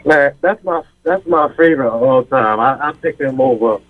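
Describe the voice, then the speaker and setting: A man's voice: mid-range voice, moderate pace, no room sound. A man calling into a radio show, brief and enthusiastic. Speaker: caller. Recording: lo-fi radio with faint music.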